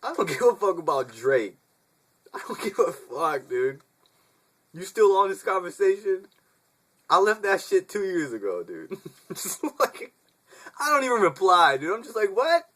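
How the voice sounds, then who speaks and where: A man's voice: high voice, big pitch swings, a little slow, long pauses, a bit bright. A young man vlogging in a casual, laid-back rant, swearing freely, laughing often and calling the listener dude.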